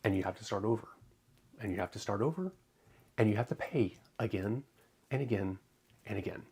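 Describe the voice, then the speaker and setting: A man hosting his own crafting channel, talking casually on a livestream, halting with many ums and close to tears. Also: lowish voice, lively intonation, a little mellow, breathy edge. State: tearful.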